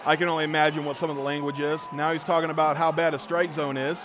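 A man preaching a sermon, telling self-mocking stories with lively jumps between loud and quiet. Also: fairly high pitch, fast talker, music in the background. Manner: joking, self-mocking storytelling; animated, swings from loud to quiet. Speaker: pastor.

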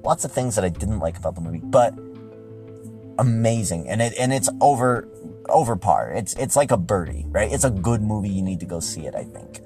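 A man hosting a podcast, giving a casual, rambling movie review that gets excitable and profane when he is riled up. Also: lowish voice, a little fast, music in the background. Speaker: podcast host.

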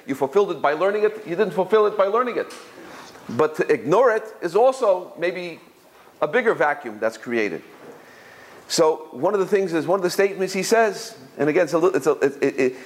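A man with a somewhat high voice gives a loose, conversational religious lesson. He stumbles and repeats words as he gropes for the next phrase. When he tells a story, his pitch leaps up as he quotes the people in it. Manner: halting, repeats words while searching for phrasing; storytelling, jumps higher when quoting others. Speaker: Torah teacher. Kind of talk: informal religious lecture with stories.

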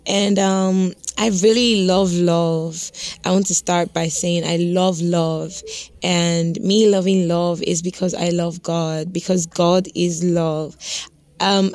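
A woman's voice: mid-range voice, a little mellow, no echo. A young woman hosting a devotional podcast, talking earnestly and repeating her points for emphasis. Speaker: podcast host.

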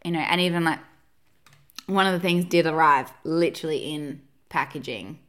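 A woman's voice: low voice, normal speed, a bit bright. A young woman co-hosting a podcast, chatting casually in a wry, chatty way. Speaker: podcast co-host. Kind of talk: casual chat.

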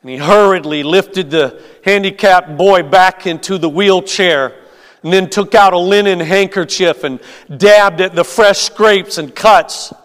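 A man preaching as a pastor, telling a story in a slow, measured way with hesitant fillers. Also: sits high, a bit bright. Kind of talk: sermon with storytelling. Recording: long hall reverb.

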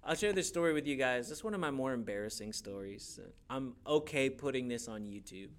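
A young adult pastor who grew up in a Hispanic church community preaches a sermon full of stories, slipping into playful put-on voices. His medium-pitched voice moves briskly, and his storytelling is animated.

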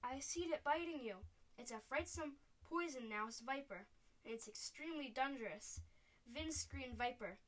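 A woman's voice: on the high side, fairly quick, natural voice. A woman voicing a big, kind male giant who speaks in jumbled, made-up words. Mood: urgent.

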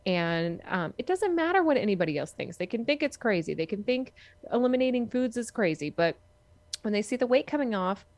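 A woman's voice: fairly high pitch, very animated, brisk, darkish tone, no room sound. A woman co-hosting a podcast in casual chat, earnest and emphatic, repeating phrases for stress. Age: adult with a young son. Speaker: podcast co-host.

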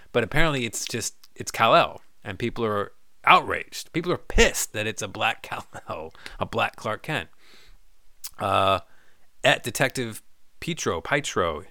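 A man's voice: on the low side, sharp tone, no echo, studio quality. A man hosting his own podcast, casually ranting and reading listener messages, loose and profane and joking. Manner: loose, profane, joking, breaks into goofy voices. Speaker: podcast host.

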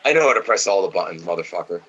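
A man's voice: deep voice, expressive, racing, a bit bright, lo-fi sound. A man co-hosting a casual podcast, watching wrestling and giving blunt, opinionated takes full of swearing. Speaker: podcast co-host.

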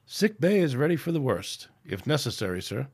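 A man voicing a good-humored male ship's doctor, lifting his voice a little higher for the part. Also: sing-song, moderate pace, darkish tone, breathy edge. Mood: reassuring.

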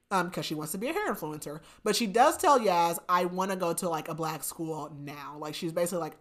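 A woman hosting a podcast, casually retelling a novel's plot with animated quoted dialogue and frequent laughs. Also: lowish voice. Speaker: podcast host. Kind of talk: casual book recap chat.

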